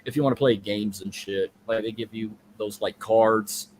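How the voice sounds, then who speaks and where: A man's voice: on the low side, steady tone, moderate pace, darkish tone, a little hiss or hum. A man co-hosting a podcast, telling a long story in casual, profane, rambling chat. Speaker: podcast co-host.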